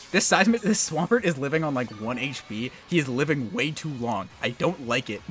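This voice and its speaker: Animated young man taunting his opponent. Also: on the high side. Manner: musing strategy talk under his breath. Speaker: competitive game streamer. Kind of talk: live game commentary.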